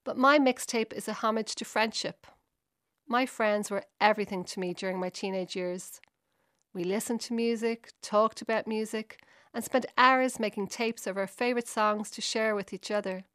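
A woman's voice: mid-range voice, steady tone, normal speed, fairly bright tone, no echo, studio quality. A woman reading her own personal essay aloud, in a reflective, fond manner.

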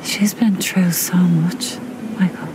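A woman's voice: fairly low pitch, fairly even intonation, takes it slowly. An actress playing a worried woman who presses a man with probing questions. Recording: drama clip with street noise.

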